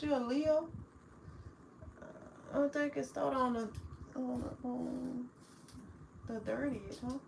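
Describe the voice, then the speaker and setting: A woman, chatting casually with viewers on a livestream, affectionate and quick to laugh. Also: sits high, gravelly, slight background noise, rough recording. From New Orleans, Louisiana. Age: 40s. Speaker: livestream host.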